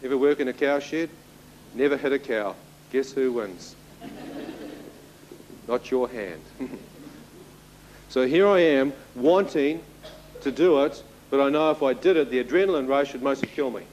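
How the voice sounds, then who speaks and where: A man's voice: mid-range voice, unhurried, long pauses, darkish tone, lo-fi sound, slight background noise. A man in his thirties giving a spoken testimony to an audience, telling his story vividly and turning to the listeners with asides. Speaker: testimony speaker.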